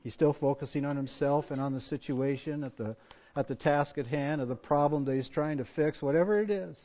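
Man preaching, high voice, goes quiet then loud, dull lo-fi recording. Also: fairly quick. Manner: swings from hushed asides to loud emphatic points. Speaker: pastor. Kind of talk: sermon.

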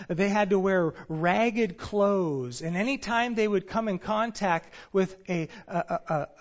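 Male pastor, sermon, high voice, earnest storytelling, dull lo-fi church recording. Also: slow pace. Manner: earnest preaching with storytelling and fillers. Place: church sanctuary.

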